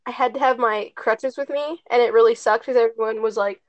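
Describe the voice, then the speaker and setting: Fairly quick and steady in tone, a slightly high-voiced teenage girl tells friends a rambling story. Expect lots of "like," some swearing, and a dull lo-fi recording.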